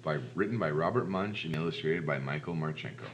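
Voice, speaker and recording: A man reading a children's storybook aloud in an expressive, animated way. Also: rumbling low, fairly quick, a little hiss or hum. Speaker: storybook reader. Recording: dull lo-fi recording.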